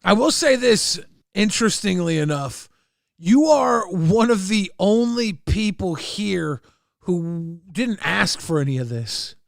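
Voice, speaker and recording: A man's voice: high-pitched, big pitch swings, takes it slowly, creaky, no echo, clean studio sound. A male host teasing a co-host with leading questions on a casual livestream panel.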